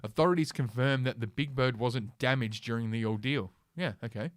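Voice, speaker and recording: A man's voice: mid-range voice, fairly quick, no room sound. A man hosting a casual ranting commentary stream from his computer, reading news aloud with sarcastic, profane asides and lots of fillers. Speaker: host.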